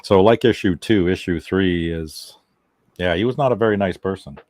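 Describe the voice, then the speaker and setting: A man guesting on a podcast, talking about comics in a relaxed, chatty way with small chuckles. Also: low-pitched, moderate pace, dry recording, studio quality. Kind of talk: casual chat.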